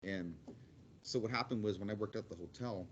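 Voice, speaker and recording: A man's voice: lowish voice, brisk, a little hiss or hum. A man in his forties, a guest speaker and construction manager, telling rambling, blunt stories in a casual way with many restarts. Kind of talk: casual storytelling to a class.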